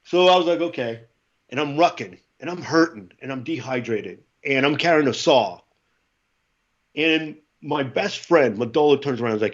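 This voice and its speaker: A man's voice: mid-range voice, normal speed, breathy edge, lo-fi sound. Older-sounding man telling war stories. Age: middle-aged. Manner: animated storyteller, acts out quotes. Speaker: podcast guest, former Marine. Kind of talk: casual storytelling interview.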